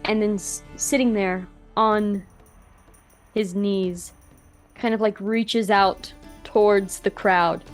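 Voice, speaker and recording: A woman running a tabletop game, narrating slowly and casually with plenty of "like"s. Her voice sits at a middle pitch, and faint music plays underneath. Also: fairly even intonation. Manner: casual, filler-laden narration with many "like"s. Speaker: game master.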